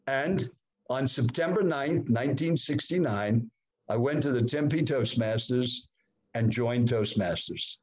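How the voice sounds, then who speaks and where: A man in his seventies, a guest in a podcast interview, telling a personal story with dramatic swings in pitch. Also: unhurried, darkish tone. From United States. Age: 70s. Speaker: guest speaker.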